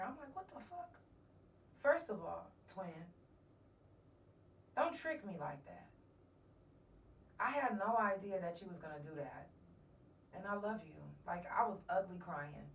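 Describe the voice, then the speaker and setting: A woman's voice: medium pitch, a bit bright, far from the mic, slight background noise. A woman hosting a live podcast, telling candid, emotional stories in a profane, casual way. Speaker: podcast host. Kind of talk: casual live-stream storytelling. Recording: roomy echo, voice from off mic.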